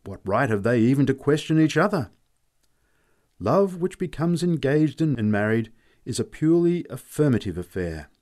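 A man reading classic fiction aloud as narrator in a wry, expressive way. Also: medium pitch, normal speed. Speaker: audiobook narrator.

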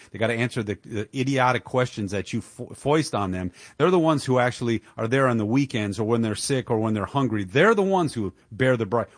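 Brief: male radio talk host, fired-up and emphatic, mid-pitched voice, close dry studio mic. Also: no room sound. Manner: indignant, emphatic, with chuckles. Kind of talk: political talk radio commentary.

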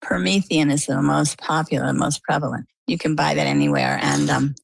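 A middle-aged woman from the United States, telling her story in a lively, conversational way as an interview guest. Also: sits low, moderate pace, gravelly, breathy edge, no room sound, poor audio. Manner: animated, lively retelling.

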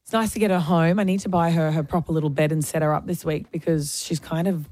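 Chatty, gushing low-voiced woman host. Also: steady tone, fast talker, darkish tone, no echo. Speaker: radio co-host. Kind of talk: casual radio banter.

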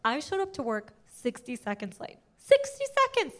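A brash young woman comic from the States, doing stand-up with lots of animation and chuckles at her own lines. Her voice sits high, and she swings between punchy and dropped-down asides. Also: huge pitch swings, normal speed. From United States. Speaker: stand-up comedian. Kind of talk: stand-up comedy set.

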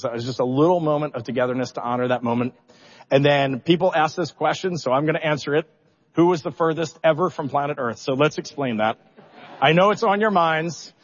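A middle-aged man, a spacecraft commander, telling stories in a public interview, animated and self-deprecating, acting out his own reactions and at times holding back tears. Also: fairly high pitch, dull audio.

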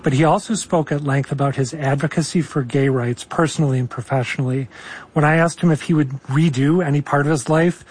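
A male reporter being interviewed on a news program, whose voice is giving out and who explains things in a measured, apologetic way. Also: fairly high pitch, steady tone, darkish tone, breathy edge. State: losing his voice.

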